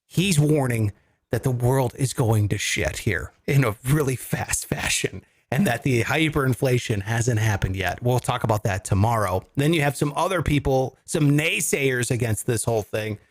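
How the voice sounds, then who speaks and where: This co-host of a comedy finance podcast has a fairly high voice, heard without any echo. He's animated and jokey, swearing casually as he explains.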